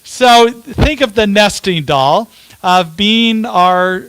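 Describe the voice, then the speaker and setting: Man giving a gentle storytelling sermon. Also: high voice, clean tone, no echo. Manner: unhurried storytelling with rhetorical questions. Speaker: minister.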